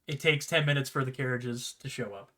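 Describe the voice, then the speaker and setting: A man narrating as game master of a tabletop game, easygoing and quick to laugh. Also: medium pitch, a bit bright.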